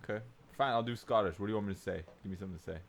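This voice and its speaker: A man's voice: on the low side, very fast, creaky. A man co-hosting a podcast in casual chat, teasing with dry jokes and laughing a lot. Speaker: podcast co-host.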